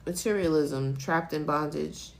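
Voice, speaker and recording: A woman with a low, gravelly voice reads tarot cards on a live stream, speaking straight into her phone. She talks in an emotional, rambling way and swears casually as she works through the spread. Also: unhurried, background noise. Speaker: tarot reader.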